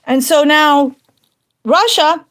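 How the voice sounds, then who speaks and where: A woman's voice: sits high, slow, fairly bright tone. A woman hosting a livestream from home, talking in an emphatic, repetitive, preaching way. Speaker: livestream host. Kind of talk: casual livestream monologue. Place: at home indoors.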